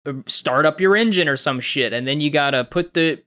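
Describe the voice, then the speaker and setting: Bright, animated young man on a podcast. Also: a little high, a little fast, clean tone. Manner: animated, profane storytelling with mimicked voices. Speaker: podcast co-host. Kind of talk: casual podcast chat.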